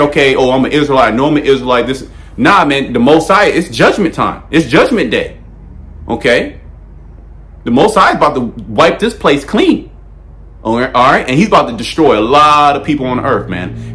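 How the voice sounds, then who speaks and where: In a fairly high, fairly bright voice, a man delivers a fiery, blunt sermon full of profanity. He repeats himself, stammers and restarts often, and keeps checking in with "okay?" and "all right?"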